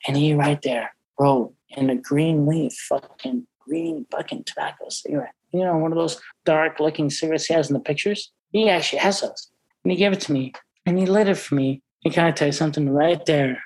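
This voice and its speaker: A middle-aged man, a restaurant owner, talking brashly and profanely in a casual interview, full of excited stories. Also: a little high, fairly quick, low-quality recording. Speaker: restaurant owner and wine expert.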